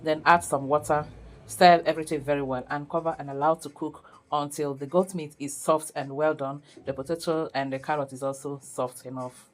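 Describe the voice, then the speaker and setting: Low-voiced woman teaching a cooking recipe. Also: steady tone, brisk, poor audio. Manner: chatty, laughs often, talks viewers through each step. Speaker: cooking channel host. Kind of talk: casual cooking tutorial narration.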